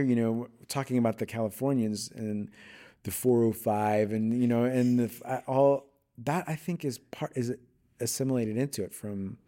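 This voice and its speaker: A man's voice: medium pitch, mellow. Male guest, casual and rambling, playful with accents. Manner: loose, rambling, slips into playful accent bits. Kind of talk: casual conversation.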